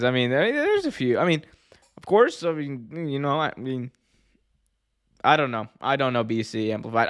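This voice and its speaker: Male co-host, mid-pitched, dry close sound, rambling and laughing, casual stream chat. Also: sing-song, normal speed, a bit bright, clean tone, dry recording. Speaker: podcast co-host.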